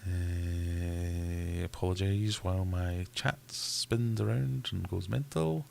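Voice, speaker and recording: Scottish male livestream host, low-pitched, easygoing, reads viewer chat aloud. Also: takes it slowly, vocal fry, a little mellow, slight background noise. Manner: chatty, reads out viewer comments. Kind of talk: casual live Q&A chat.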